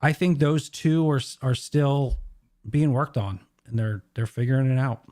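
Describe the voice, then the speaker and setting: A man on a streamed podcast giving his opinions in an even middle voice. He talks loosely, with many "like"s and restarts. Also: medium pitch, normal speed. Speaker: co-host. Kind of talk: casual podcast chat.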